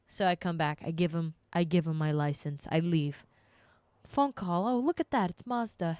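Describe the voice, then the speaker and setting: A woman streamer telling a story to her live chat in a casual, animated way, swearing freely and sounding exasperated. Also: fairly low pitch, moderate pace, clean tone, no echo.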